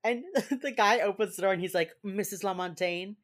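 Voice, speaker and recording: A woman's voice: mid-range voice, fairly quick. A young woman co-hosting a podcast, recapping a TV episode in casual chat, full of fillers and laughing as she acts out the characters' lines. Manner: chatty, lots of fillers, acts out quotes with laughs.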